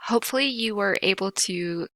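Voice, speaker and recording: A middle-aged woman teacher giving a video grammar lesson, explaining patiently and clearly, slowing down to stress key points. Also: mid-range voice, fairly bright tone, dry recording.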